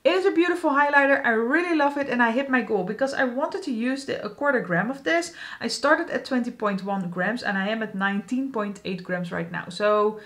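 Beauty vlogger, female, casual rambling delivery, a touch high in pitch. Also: fairly bright tone. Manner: chatty, rambling, many fillers. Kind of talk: casual makeup chat.

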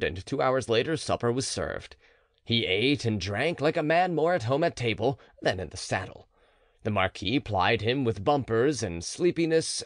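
A man narrating a classic story as an audiobook, with expressive storytelling. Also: mid-range voice, dry recording, clean studio sound.

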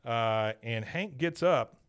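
A man retells an episode scene by scene in a casual podcast recap. His pitch rises and falls widely as he talks. His voice is bright and forceful. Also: expressive, slow, clear, resonant tone. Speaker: podcast host.

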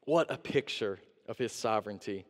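A man, an interim pastor, preaching a sermon with animated delivery, acting out the prophet's pleas and God's replies. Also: fairly low pitch, moderate pace. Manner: animated preaching, acts out voices of God and the prophet. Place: church sanctuary. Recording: long reverb of a church sanctuary.

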